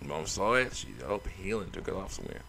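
A man's voice: low-pitched, lively intonation, brisk, gravelly, sharp tone, slight background noise. A man giving chatty, rambling commentary while playing a video game, laughing often. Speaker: let's play host.

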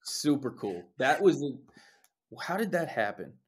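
A man's voice: mid-range voice, a little slow, breathy edge. A young man from New Jersey, a singer and guest, telling stories in casual chat, swearing often and acting out what others said. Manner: animated storytelling, swears, acts out quotes.

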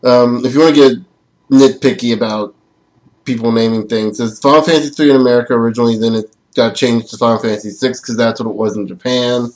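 A man's voice: medium pitch, fairly even intonation, fast talker, darkish tone, rough recording. A man giving casual gaming commentary in a chatty, rambling way, often laughing at himself. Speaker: let's play gamer.

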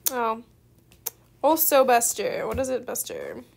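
Young female student gamer, gushing and excitable; high-pitched with a gravelly fry. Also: a little slow, a little hiss or hum. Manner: gushing, effusively grateful, giggly. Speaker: gaming video creator. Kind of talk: excited gameplay commentary.

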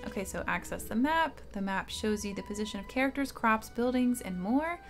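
A woman streamer commenting casually on her gameplay, thinking out loud with small hesitations. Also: medium pitch, lively intonation, a little fast. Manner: thinking aloud, chatty with hesitations. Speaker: game streamer. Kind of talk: casual let's-play commentary. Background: faint game music.

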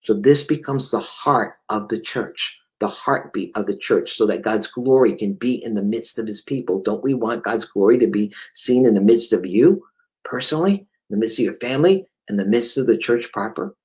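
A man's voice: fairly low pitch, moderate pace, a little mellow, low-quality recording. A man with a New England accent preaching a fervent sermon, often stammering and repeating words.

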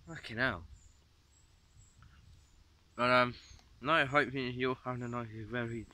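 This young vlogger wanders woods and fields filming himself on a phone, with a lowish, fairly even, pushed and bright voice and an unhurried pace. He rambles casually, swearing nonstop and leaning heavily on "mate" and "literally."

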